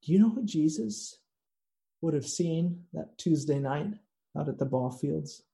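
A man preaching a sermon in a slow, earnest way, with dramatic pauses. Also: a little high, expressive, gravelly, dark tone. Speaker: pastor.

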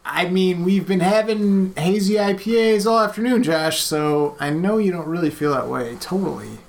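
A man's voice: high voice, moderate pace, creaky. A man co-hosting a casual beer-tasting chat who swears freely, jokes and reads out viewer comments. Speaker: podcast co-host.

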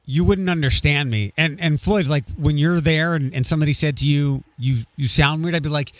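This fairly high-pitched man from Western Pennsylvania talks a little fast while co-hosting a casual podcast chat, heard in a dry recording. He rambles wryly and keeps restarting and correcting his sentences.

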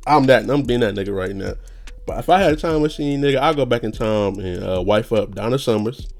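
A young man hosting a casual solo podcast rant, rambling and profane, with sudden high-pitched outbursts. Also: a little fast, creaky. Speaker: podcast host.

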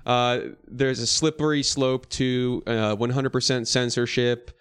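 A man's voice: mid-range voice, fairly even intonation, measured pace, fairly bright tone, clean tone, no room sound, studio quality. A man hosting a casual podcast, joking and steering the talk between topics. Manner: jokey, steers the topics, laughs often. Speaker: podcast host. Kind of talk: casual chat.

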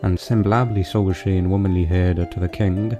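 A man reads an old passage aloud in a slow, measured recitation, using a period pronunciation. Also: deep voice, steady tone, music in the background.

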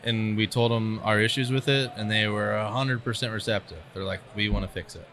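A man's voice: lowish voice, steady tone, brisk, fairly bright tone, slight background noise. A man, a tree-care pro, chatting bluntly and animatedly about gear on a podcast. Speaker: arborist guest. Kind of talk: casual podcast chat.

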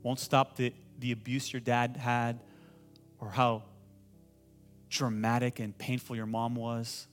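A man preaching a sermon as pastor to a congregation, asking them to repeat phrases and building to loud, impassioned pleading. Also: mid-range voice, flat delivery, slow pace, pauses often, soft background music. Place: church hall with congregation.

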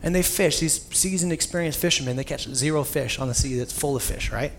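A young man preaches in a loose, chatty storytelling way, full of casual asides. His voice sits a little high for a man, and a faint hiss of noise runs under it. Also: fairly quick. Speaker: pastor. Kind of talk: sermon.

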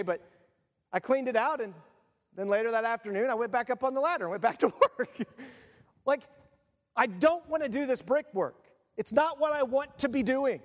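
A middle-aged man preaching a sermon as pastor, telling stories in an animated, self-mocking way. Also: very high voice. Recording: long reverb.

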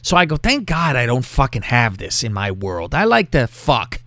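A man's voice: mid-range voice, sing-song, moderate pace, pushed and bright, dry recording. A man hosting a podcast, talking crudely and animatedly, often mimicking other people's voices. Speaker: podcast host. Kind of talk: crude casual chat.

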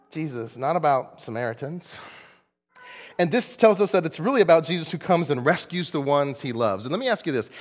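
A man's voice: mid-range voice, big-room sound. A male pastor preaching a sermon in a conversational style, with asides, laughs and repetitions.

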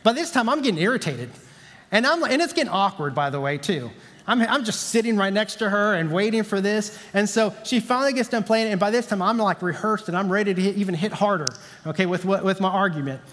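Man, pastor, sermon, high voice, conversational, repeats for emphasis, long hall echo. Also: expressive, quick pace, a bit bright. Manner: conversational storytelling, emphatic repetition.

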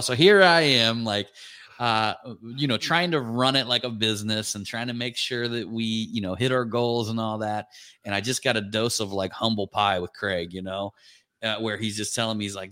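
Excited rambling man hosting a chat. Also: fairly low pitch, dry recording, studio quality. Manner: excited, rambling, lists names rapidly. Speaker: podcast host. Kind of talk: casual chat.

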